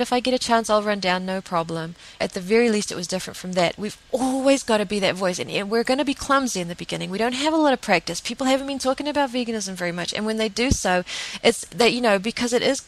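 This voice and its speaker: A woman's voice: medium pitch, a bit bright, rough recording. A middle-aged woman talking earnestly to camera in a casual monologue, rambling and repeating herself for emphasis. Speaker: vegan vlogger.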